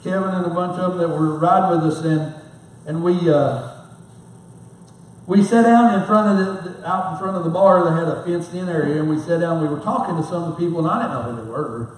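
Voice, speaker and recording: Folksy high-voiced middle-aged pastor in echoey hall. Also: male voice, fairly quick. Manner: folksy, rambling, self-mocking humor. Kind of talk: storytelling sermon. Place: church sanctuary. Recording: very echoey hall, mic far off.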